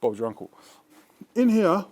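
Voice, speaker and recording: A man's voice: sits high, very animated, moderate pace, darkish tone, slight background noise. A man hosting a cooking show, talking in a slangy, chatty, joking way while he cooks in a kitchen. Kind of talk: casual cooking demonstration.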